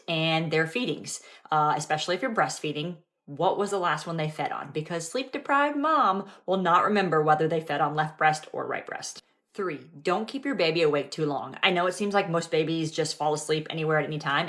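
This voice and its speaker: A woman's voice: low voice, a bit bright. A young adult woman, a mother, giving direct and practical cooking and parenting tips to camera.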